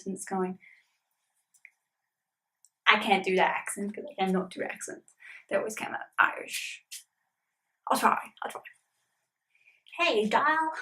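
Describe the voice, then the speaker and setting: A woman's voice: medium pitch, a bit bright, rough recording. A woman chatting casually in a vlog about a tabletop campaign she plays in, rambling with lots of fillers.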